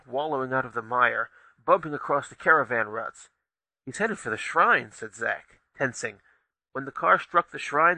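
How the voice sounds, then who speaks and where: A man reads a dark fantasy story in a steady, vivid style, his voice bright and forward with a gravelly rasp. The sound is close and dry, with no room echo. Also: mid-range voice. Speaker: narrator. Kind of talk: audiobook narration.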